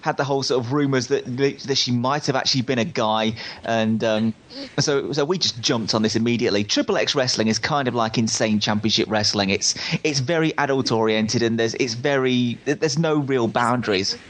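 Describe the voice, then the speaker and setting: A man co-hosting a podcast, telling stories in a lively, teasing way. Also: medium pitch, normal speed. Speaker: podcast co-host. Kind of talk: casual podcast interview.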